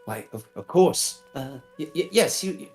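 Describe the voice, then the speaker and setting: A man's voice: on the high side, animated, moderate pace, a little mellow, reverberant, soft background music, pitched above the performer's own voice. Man doing a flustered halfling mom. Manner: stammering, fussy, easily shocked. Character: flustered kindly halfling mother, middle-aged woman.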